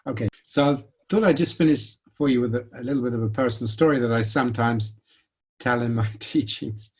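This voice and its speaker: Husky man, mid pitch, conversational lecturer telling a story. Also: a little fast. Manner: conversational, animated storytelling with restarts.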